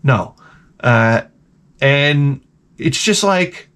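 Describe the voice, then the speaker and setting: A man's voice: a little high, lively intonation, unhurried, a bit bright. A man hosting a casual monologue, telling stories in a profane, self-mocking way. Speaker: host.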